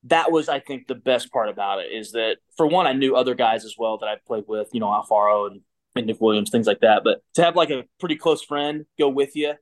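Guy in his 30s rambling thru a story, lots of restarts, normal pitch. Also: a little fast. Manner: rambling, many restarts and fillers. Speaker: guest, former pitcher. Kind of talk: casual storytelling.

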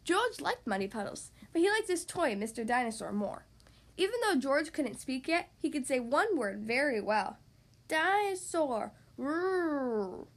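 A woman hosting a podcast, reading a children's story aloud in a cheerful, expressive way. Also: sits high, normal speed.

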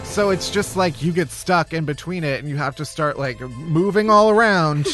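Comic male podcast host, high and bouncy delivery, swears and laughs through his bits. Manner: animated, swearing, laughing at own jokes. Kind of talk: comedic monologue.

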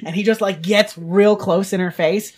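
A woman's voice: mid-range voice, steady tone, normal speed, darkish tone. A woman narrating a tabletop game as game master in a casual, chatty way.

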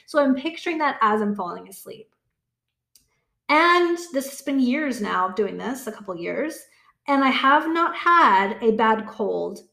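A woman in her thirties talking candidly to her viewers, chatty, swearing freely and acting out her own inner voice. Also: on the high side. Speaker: vlogger. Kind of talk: casual talk to camera. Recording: echoey room.

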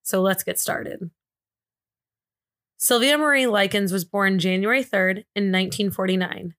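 A woman's voice: mid-range voice, unhurried, fairly bright tone. A woman from Indiana co-hosting a true crime podcast, telling the case in a chatty, joking way and laughing often. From Indiana, USA. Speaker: podcast co-host, case presenter.

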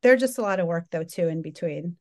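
A woman's voice: lowish voice, animated, fairly quick. A woman co-hosting a podcast, chatting in a sympathetic, easygoing way. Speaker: podcast co-host. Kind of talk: casual chat.

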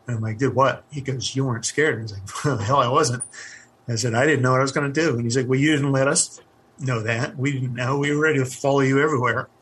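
A middle-aged man, a former army helicopter pilot, telling his story in an interview, candid and halting with many fillers. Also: medium pitch, fairly bright tone, slightly rough.

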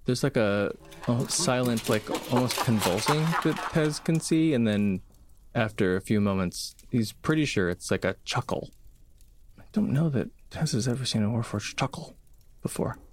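A man narrating a tabletop game as game master, in a casual, relaxed way with many fillers. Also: mid-range voice, moderate pace, slight background noise.

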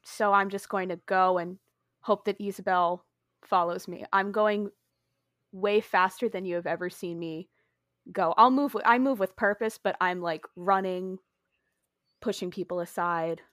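A woman with a New Jersey accent playing a tabletop game, animated and easily exasperated. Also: mid-range voice, measured pace, dry recording, studio quality. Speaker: player. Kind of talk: tabletop role-play chat.

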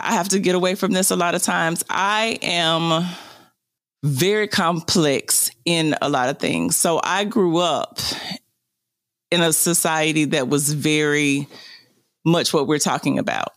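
A woman's voice: deep voice, no room sound, studio quality. A woman co-hosting a podcast, talking things through in a thoughtful, self-correcting way. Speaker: podcast co-host. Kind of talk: casual discussion.

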